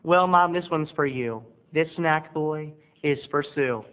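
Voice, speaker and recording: A male video blogger, talking to the camera in his bedroom studio, rambles through a self-mocking confessional, his voice a little high. He speaks smoothly and unhurriedly, but the audio sounds thin and tinny, like a phone line.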